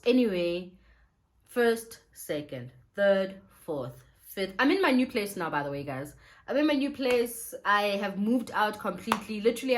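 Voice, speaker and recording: Speaking straight to the camera, a young woman vlogger tells her story with a pitch that leaps up and down at every turn. Her delivery is casual and emotional, and laughter breaks in often.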